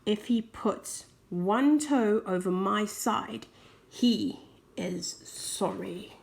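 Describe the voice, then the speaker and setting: A woman reading a children's picture book aloud, expressive, with soft whispered asides. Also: medium pitch, extremely slow, vocal fry. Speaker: storybook reader.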